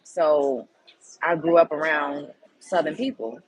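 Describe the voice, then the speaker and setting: A woman's voice: low voice, expressive, takes it slowly, breathy edge, poor audio. A woman hosting her own show, telling a personal story in a candid, emphatic and blunt way. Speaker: show host. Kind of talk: casual storytelling monologue.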